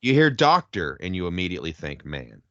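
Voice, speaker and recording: An American man with a low voice that moves a lot, co-hosting a casual podcast. He stops and starts as he searches for words. The recording is dry and slightly dull. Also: very animated, brisk, a bit bright, dry recording. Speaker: podcast co-host. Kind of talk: casual chat.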